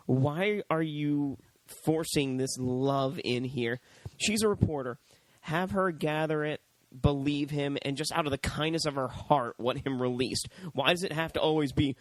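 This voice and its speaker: Animated profane man reviewing a movie. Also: unhurried, no echo, low-quality recording. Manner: animated, profane, mimics characters in high voices. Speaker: podcast co-host. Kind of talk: casual review chat.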